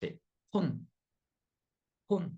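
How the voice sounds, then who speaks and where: A man teaching a beginner language lesson in a relaxed, hesitant way with frequent fillers and playful asides. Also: drawn-out words, muffled recording. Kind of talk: casual video lesson.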